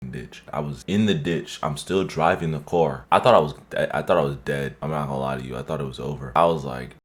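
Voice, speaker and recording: A man vlogger telling a story in an animated, slangy and profane way. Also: rumbling low, fast talker. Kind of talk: story-time vlog.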